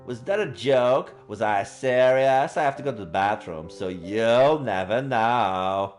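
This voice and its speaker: A man's voice: medium pitch, lively intonation, unhurried, soft background music, close to an everyday voice. A man voicing a playful, smug young college woman who teases her boyfriend, reading a visual novel aloud. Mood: teasing. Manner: playful, teasing.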